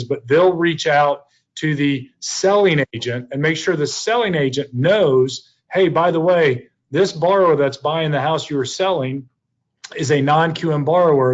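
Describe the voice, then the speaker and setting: A man hosts a webinar, backing up his guest with quick agreements before steering to the next topic. His voice sits fairly high, and the audio is a bit dull and muffled. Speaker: webinar host. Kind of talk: webinar conversation.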